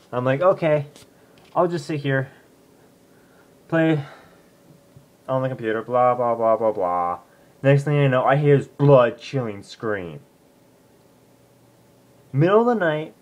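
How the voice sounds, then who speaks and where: A young man vlogging from his home, telling a ghost story in a loose, rambling way. He restarts his sentences often and acts out what people said to him. His voice sits at an ordinary middle pitch. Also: a little mellow. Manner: rambling, with many restarts and "I'm like" asides. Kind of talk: casual storytelling to camera.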